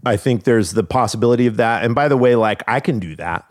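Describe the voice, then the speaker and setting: A man's voice: mid-range voice, fast. A man talking earnestly and reflectively as a podcast guest, laughing now and then. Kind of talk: casual conversation.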